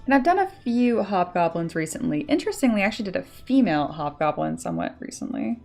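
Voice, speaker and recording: A woman's voice: fairly low pitch, big pitch swings, fast, vocal fry, darkish tone, soft background music. A woman chatting casually on a live stream while she sculpts, laughing often and reading viewer comments aloud. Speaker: 3D sculptor streaming her work.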